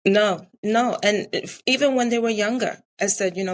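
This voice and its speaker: In a casual interview, a middle-aged woman from the Caribbean who runs a restaurant talks at a moderate pace with a mid-range voice. She comes across as earnest, often repeating herself for emphasis.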